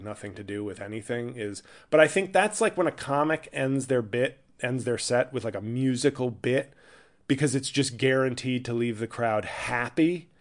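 A man's voice: mid-range voice, gravelly. A man hosting his own podcast as a stand-up comedian, riffing in a rambling, irreverent, self-interrupting monologue.

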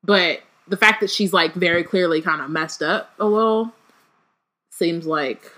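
A woman's voice: fairly low pitch, measured pace, bright, forceful tone. A young adult woman co-hosting a casual book discussion, chatty, with frequent asides. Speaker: podcast co-host.

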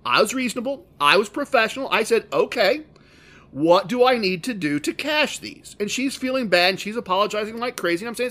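A man's voice: high voice, lively intonation, a little fast, bright, forceful tone. A man hosting a podcast, telling a casino story with dry, wry, self-deprecating asides. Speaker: podcast host. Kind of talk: casual storytelling.

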